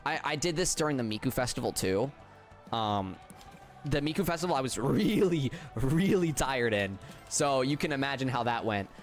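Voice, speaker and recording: A tired man streaming a racing game, chatting casually with viewers in a flat, subdued way with halting restarts. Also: mid-range voice, soft background music. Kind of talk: casual livestream chat with viewers.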